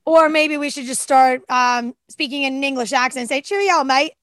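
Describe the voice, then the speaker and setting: A woman's voice: sits high, fairly even intonation, moderate pace, fairly bright tone, clean tone, dry recording, clean studio sound. A woman co-hosting a podcast in casual, enthusiastic chat, often tripping over her words. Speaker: podcast co-host.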